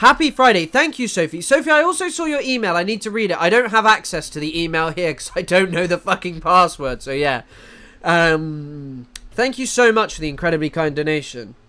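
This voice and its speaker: A man's voice: high-pitched, expressive, fairly quick, sharp tone. A man with a Southern English accent doing casual live-stream commentary, swearing freely and answering chat as he goes. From England.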